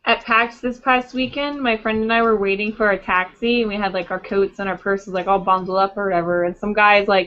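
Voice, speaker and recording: A woman's voice: medium pitch, steady tone, fairly quick, few pauses, fairly bright tone. A woman cosplayer telling giggly anecdotes in a casual group video chat. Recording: lo-fi video call audio.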